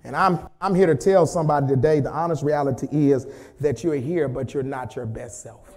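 A man preaching a sermon in a church, calling on the congregation to repeat after him and swinging from hushed, low talk to loud shouted peaks. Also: fairly quick. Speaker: pastor. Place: church sanctuary.

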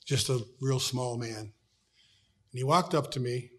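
A middle-aged man with an American accent, preaching a sermon as a pastor, telling stories and dropping from loud to hushed tones. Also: medium pitch, measured pace. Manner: storytelling, shifts from loud to hushed.

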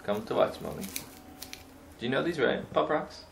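A man's voice: a little high, animated, a little slow, gravelly, slight background noise. A man filming his toddler at home, coaxing the child in a sing-song way in a casual home video.

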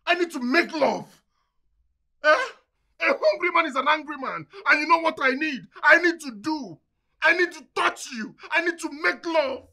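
An actor playing a frustrated husband who pleads and shouts. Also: male voice, very high-pitched, expressive, moderate pace, vocal fry, full character voice. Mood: aggrieved. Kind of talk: film drama acting.

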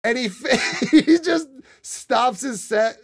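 A young man streaming live, telling a long story to his chat in a casual, animated way, swearing and laughing a lot. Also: very high voice, slow pace. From Connecticut. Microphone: desk mic.

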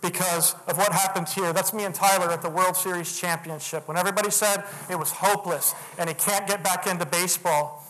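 A man giving a motivational talk, telling a personal story earnestly and getting animated when he acts out other people. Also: high voice, fairly quick, hardly any pauses, rough recording. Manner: earnest, builds to animated retellings. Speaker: motivational speaker.

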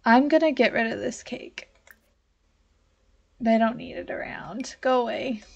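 Slow-talking woman scolding her game characters. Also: a little high, creaky, muffled recording. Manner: talks to the game characters, easily exasperated. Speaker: let's play host. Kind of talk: casual gameplay commentary.

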